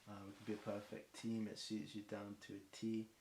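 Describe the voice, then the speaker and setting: A man's voice: lowish voice, completely flat delivery, brisk, a little mellow. A British man improvising a long stream of rhymes, rambling off the cuff with frequent ums. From Britain. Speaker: freestyle rapper. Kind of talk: long improvised freestyle rhyming. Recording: echoey room with faint hiss.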